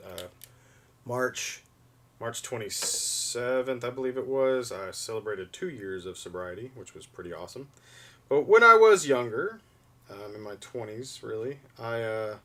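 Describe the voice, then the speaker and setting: A man's voice: lowish voice, fairly bright tone. Rambling man streaming from a distance. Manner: rambling, chatty, explains hands-on steps. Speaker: livestream host doing figure repair. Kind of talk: casual livestream chat. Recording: voice a bit far from the mic.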